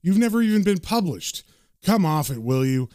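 A man's voice: sits high, big pitch swings, moderate pace, a little mellow, dry recording, studio quality. A man reading as a sardonic occult investigator. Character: cynical British male occult investigator, sardonic.

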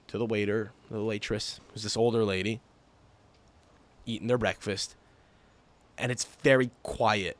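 A young man hosting his own podcast, telling stories casually in an animated, profane, exaggerated way. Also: on the low side. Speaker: podcast host. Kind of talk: casual solo podcast storytelling.

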